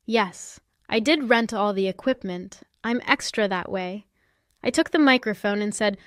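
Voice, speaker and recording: A woman's voice: medium pitch, unhurried, fairly bright tone, no room sound, clean studio sound. Woman narrating a sassy first-person story.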